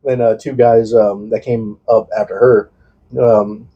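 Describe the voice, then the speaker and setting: Man, late 20s, from the Quad Cities area of Illinois, husky voice, halting storyteller, dull lo-fi audio. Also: fairly low pitch, level tone. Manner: halting, repeats "I'm like", acts out quoted dialogue. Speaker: podcast co-host. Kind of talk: casual podcast chat.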